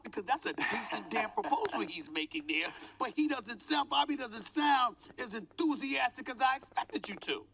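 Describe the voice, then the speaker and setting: A man's voice: extremely high pitch, expressive, moderate pace, gravelly, hardly any pauses, sharp tone. A man ranting animatedly in a heated sports debate, as a studio analyst.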